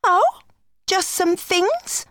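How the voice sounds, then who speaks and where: A woman voicing an excitable schoolgirl on a field trip, in a shrill, breathless way. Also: extremely slow, no room sound, heavily acted. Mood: chirpy.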